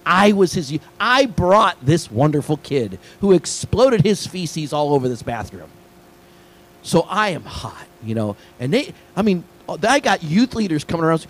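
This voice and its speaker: A middle-aged man preaching a sermon, telling a story with lively swings between hushed asides and excited high points. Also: normal speed, slight background noise, rough recording. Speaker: pastor.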